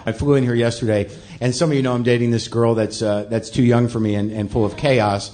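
A man's voice: medium pitch, steady tone, fairly quick, a little mellow, a faint crowd. A middle-aged man hosting a live comedy show, rambling and self-deprecating with plenty of swearing. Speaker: comedian host. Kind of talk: live stand-up monologue. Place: comedy club stage.

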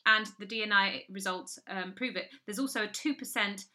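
Bright-voiced rambling woman. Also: mid-range voice, moderate pace, few pauses. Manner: rambling, tangential, deadpan storytelling. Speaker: comedy podcast co-host. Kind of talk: improvised comic chat. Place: house in London.

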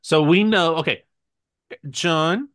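Male podcast co-host, casual and animated, slightly higher voice, quick to laugh. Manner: laughs often, animated storytelling. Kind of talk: casual chat.

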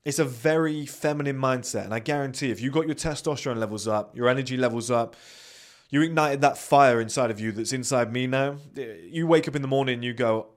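A British-accented man delivers a blunt, profanity-laced motivational talk as a podcast host. He swears freely and slips into quick put-on voices when quoting people. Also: medium pitch. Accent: British English. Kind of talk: motivational monologue.

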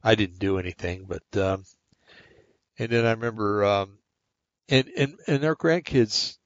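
A man's voice: on the low side, measured pace, dry recording, highs cut off. An older man hosting a podcast, giving a blunt, rambling, opinionated monologue that restarts often. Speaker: podcast host.

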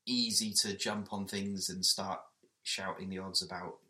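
Podcast co-host, male, low-ish forceful voice, sweary banter, roomy echo. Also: little pitch movement. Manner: sweary, self-mocking, quick asides. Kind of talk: casual chat.

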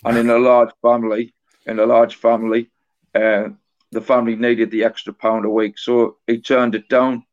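Halting man, flat voice, dull recording. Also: mid-range voice. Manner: halting, often repeats words and restarts. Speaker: author guest. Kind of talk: conversational storytelling interview.

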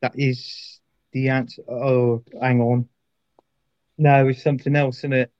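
A man's voice: mid-range voice, flat delivery, a little mellow, dry recording. A man from Bristol with a West Country accent, speaking hesitantly as a quiz contestant. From Bristol, England. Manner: hesitant, slow, stumbling. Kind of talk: casual chat. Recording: dull lo-fi sound.

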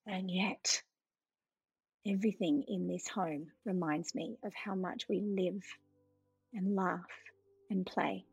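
A middle-aged woman hosting a solo podcast, speaking gently, slowly and reflectively to her listeners. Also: on the low side, steady tone, creaky, husky, dry recording, lo-fi sound, soft background music. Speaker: podcast host.

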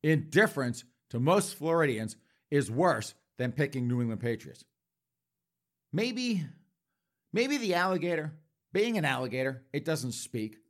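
A man's voice: a little high, big pitch swings, unhurried. A man hosting a talk show, delivering a mock-serious comedic monologue with folksy asides to his audience.

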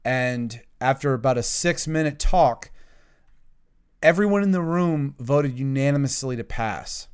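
A man from the United States chats as a guest on a casual podcast, with a smooth, clear voice. He jokes loosely but turns earnest when he makes his points. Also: mid-range voice, animated, a little slow.

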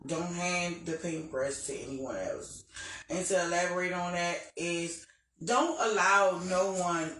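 A man's voice: high-pitched, a bit bright. A man co-hosting a casual live-stream chat, earnest and motivational as he shares a quote. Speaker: podcast co-host. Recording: roomy, distant mic, faint noise.

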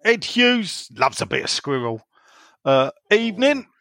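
A man's voice: sits high, very animated, measured pace, gravelly, fairly bright tone, dry recording, clean studio sound. A man hosting a casual football podcast, teasing his co-hosts and reading out listener emails. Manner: jokey, teasing, reads listener emails aloud. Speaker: podcast host.

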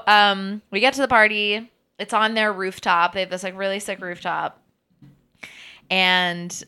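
A woman's voice: medium pitch, sharp tone, smooth. A woman in her twenties, co-hosting a podcast and telling a story in casual chat, full of "like" and the odd swear. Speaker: podcast co-host.

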